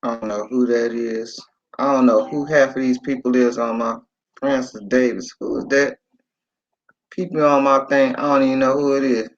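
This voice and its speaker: A man's voice: mid-range voice, fairly even intonation, normal speed. Late-50s man, livestream host, rambling casual chat, muffled phone-quality audio. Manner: rambling, reads viewer comments aloud, swears casually.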